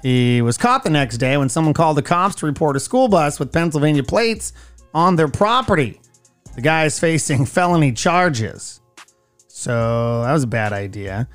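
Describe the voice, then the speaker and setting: Animated middle-aged male radio co-host. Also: on the high side, normal speed, clear, resonant tone, faint music behind. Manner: animated storytelling, acts out voices. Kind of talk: casual chat.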